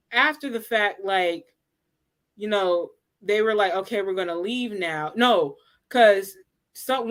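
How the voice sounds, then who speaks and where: Animated woman host telling a story. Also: medium pitch. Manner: animated, acts out quotes in a raised voice. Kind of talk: casual storytelling chat.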